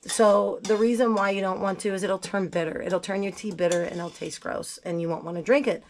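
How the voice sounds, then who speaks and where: A woman's voice: mid-range voice, fairly even intonation, a little fast. Woman vlogger under the weather, blunt and chatty, home kitchen with faint dish noise. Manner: chatty, blunt, self-deprecating asides. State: sick, voice not at its best. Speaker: gardening vlogger. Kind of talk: casual kitchen how-to chat.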